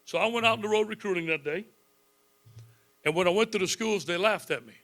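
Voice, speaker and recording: A man's voice: high-pitched, brisk. A man in his fifties, a football coach, telling folksy stories in a speech to a club audience, chuckling often. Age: 50s. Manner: folksy, animated storytelling with frequent chuckles.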